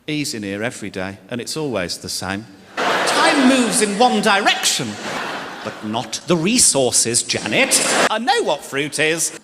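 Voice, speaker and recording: A male stand-up comic with a high voice that leaps all over the place as he tells crude, camp stories. He was recorded on stage in a big hall, so long reverb trails after him. Clear crowd noise sits underneath. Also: a little slow. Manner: camp, crude, animated storytelling. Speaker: comedian. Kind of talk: stand-up comedy. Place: stage in a large venue. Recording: echoey hall with audience noise.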